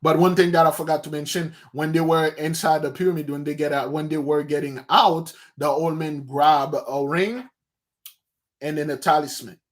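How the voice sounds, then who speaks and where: A man's voice: fairly high pitch, moderate pace. A man leading an informal book study, telling the story with many restarts and asides. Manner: lively storytelling, acting out scenes. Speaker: study group teacher.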